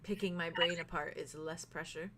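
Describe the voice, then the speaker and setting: A woman's voice: lowish voice, fairly even intonation, moderate pace, pushed and bright, a little hiss or hum. A woman at a tabletop role-play table, bantering in character with dry, teasing questions. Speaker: tabletop role-playing player.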